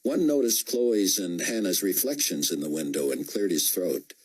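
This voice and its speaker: A man narrating a novel as an audiobook, with measured storytelling. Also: deep voice, very animated, husky, poor audio. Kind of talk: scripted narration.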